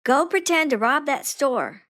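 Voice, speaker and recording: A bossy teenage senior girl, leader of a prank, snapping out orders between giggles, put on by a woman reading her memoir. The voice sits higher than the narrator's own and bounces around lively. It is recorded dry and close, with no room sound. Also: unhurried, no room sound.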